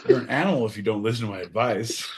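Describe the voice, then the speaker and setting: A man hosting a podcast, swearing constantly and swinging from shouting to mumbling. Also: fairly low pitch, rapid-fire, a little hiss or hum. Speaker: podcast host. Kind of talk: crude comedic banter.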